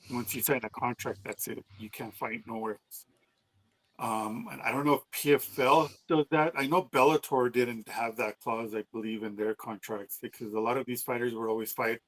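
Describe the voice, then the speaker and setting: A man's voice: medium pitch, fairly bright tone, poor audio. A man co-hosting a podcast, chatting casually and bluntly, cursing as he rants. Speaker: podcast co-host. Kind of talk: casual chat.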